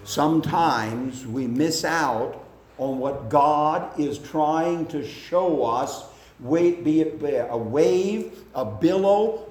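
A man preaching a sermon in a slow, deliberate way, building up in pitch and force at the high points. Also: a little mellow, roomy sound.

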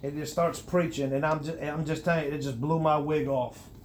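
A middle-aged man giving a personal testimony in a conversational interview, earnest, with many restarts, rising and getting animated at emphatic points. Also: a little high, fairly quick, a little hiss or hum. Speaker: guest sharing his testimony.

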